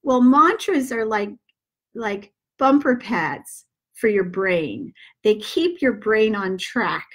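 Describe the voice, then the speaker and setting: Woman, middle-aged, unhurried delivery, soothing and gentle, self-help talk, mid-pitched voice. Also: expressive. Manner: slow and soothing, guiding breaths and repeating mantras. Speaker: manifesting teacher.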